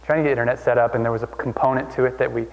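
A man preaches a conversational sermon, circling back to repeat his points and stumbling through fillers as he goes. The sound is dull and lo-fi, and his voice hangs in a long reverb. He speaks at a middle pitch. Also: fairly even intonation, very fast. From Oregon. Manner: conversational, repeats phrases, many fillers and restarts. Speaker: pastor.

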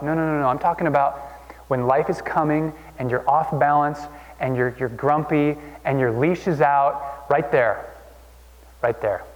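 A man's voice: on the high side, moderate pace. A male pastor from Oregon preaching a sermon in a conversational way, often repeating himself and restarting with fillers. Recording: dull sound with long hall reverb.

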